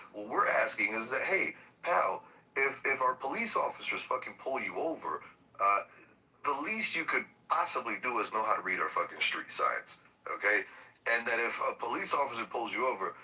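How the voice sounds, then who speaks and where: A man's voice: lowish voice, bright, forceful tone, far from the mic, poor audio. A man hosting a political talk podcast, ranting in a heated, profane and emphatic way. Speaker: podcast host.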